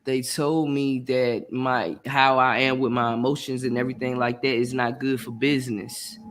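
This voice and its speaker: A man with a mid-pitched voice, talking casually as a podcast host. His delivery is earnest and heartfelt, and he comes back to the same phrases again and again. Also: level tone, moderate pace, a bit bright, slight background noise. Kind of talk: casual chat.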